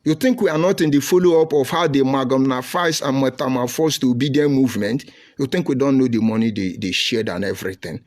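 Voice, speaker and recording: A man's voice: mid-range voice, brisk, a little mellow. A middle-aged man with a Nigerian accent giving combative live-stream commentary, reading and answering viewer comments with rhetorical questions and insults.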